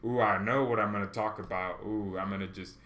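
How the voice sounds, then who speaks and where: A man hosting a football livestream, chatting casually and rambling with excited exclamations, coughing now and then. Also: lowish voice, fairly quick. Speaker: football channel host.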